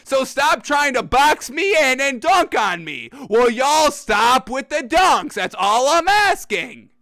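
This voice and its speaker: Man, sports show host, emphatic and exasperated, bright tone, dry close sound. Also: very high voice, sing-song, takes it slowly, no room sound. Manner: emphatic, exasperated, repeats points. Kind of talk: ranting sports commentary to camera. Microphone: camera mic.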